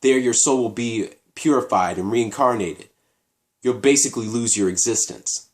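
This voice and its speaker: A man's voice: mid-range voice, normal speed, darkish tone, lightly acted. A man reading out a blunt warrior mentor. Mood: grave. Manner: blunt and matter-of-fact. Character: blunt older male alien warrior mentor.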